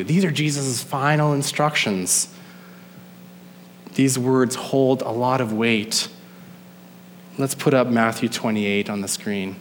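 A male pastor preaching a sermon, emphatic, slowing down to stress key phrases. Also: mid-range voice, in a large hall, a little hiss or hum. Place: church sanctuary.

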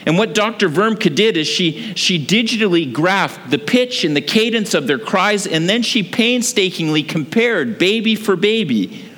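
A man preaching a sermon, telling a story with lively delivery and frequent ums and uhs. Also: sits high, measured pace. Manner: animated storytelling with frequent fillers. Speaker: pastor. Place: church sanctuary. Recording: long hall reverb.

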